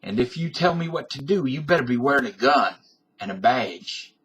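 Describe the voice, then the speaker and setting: A man's voice: mid-range voice, expressive, normal speed, a bit bright, breathy edge. A middle-aged man from Canada giving a defiant, blustering comic rant to his webcam, tough-talking and profane. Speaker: vlogger. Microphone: webcam microphone.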